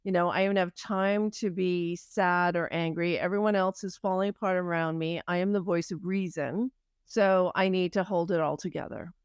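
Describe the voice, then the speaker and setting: Woman podcast host, lowish smooth voice, dry close sound, thoughtful and chatty. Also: steady tone, moderate pace, no echo. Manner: reflective, asks long open questions. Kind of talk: conversational interview.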